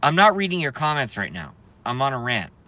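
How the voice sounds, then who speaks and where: A man's voice: mid-range voice, big pitch swings, brisk, bright, forceful tone. A man hosting a live stream, ranting heatedly and emphatically and repeating his phrases for effect. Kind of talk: impassioned live-stream rant.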